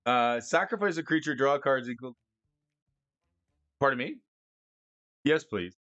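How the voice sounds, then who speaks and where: A man streaming casually, excitable and often stammering through restarts as he talks about cards and gifts. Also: medium pitch, measured pace, no echo, highs cut off. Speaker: streamer discussing card prices. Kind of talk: casual live-stream chat.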